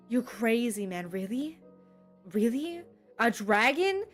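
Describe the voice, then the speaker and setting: A woman's voice: fairly high pitch, a little fast, soft background music. Chatty young woman, playful stream banter. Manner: rambling, playful, laughs often. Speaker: VTuber streamer. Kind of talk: casual livestream chat, reading and answering chat.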